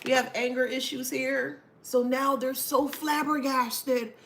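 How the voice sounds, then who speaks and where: A woman's voice: high-pitched, level tone, a little slow, vocal fry, a bit bright. A woman hosting a casual talk to camera, sassy, laughing often and swearing freely. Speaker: channel host.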